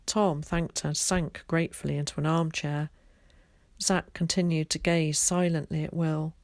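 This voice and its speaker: Low-voiced woman reading a storybook. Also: moderate pace, no room sound. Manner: clear, expressive reading. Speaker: teacher.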